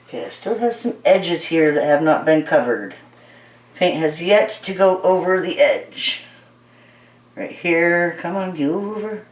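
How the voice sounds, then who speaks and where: A woman with a low-pitched voice narrates her paint pouring as she works, chatting playfully and coaxing the paint along as if talking to it. She sounds easily delighted. The mic is set back in an echoey room.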